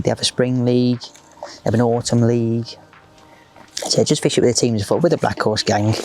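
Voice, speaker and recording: A man's voice: mid-range voice, noisy background. A man giving a rambling, casual commentary while fishing outdoors at a lake. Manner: chatty, rambling, leans on fillers like "just". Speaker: match angler presenting the video.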